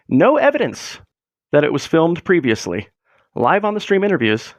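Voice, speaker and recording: Male streamer, casual chat, sarcastic rambler with a lively, gravelly voice, dry close sound. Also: on the high side, dry recording. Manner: joking, rambling, sarcastic asides. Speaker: livestream host. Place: room at home.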